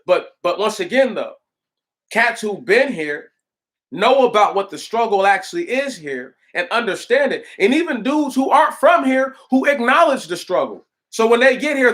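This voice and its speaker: A man's voice: sits high, fairly bright tone. A man ranting on a casual livestream, emphatic and repetitive, with frequent restarts and rhetorical questions. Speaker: livestream host.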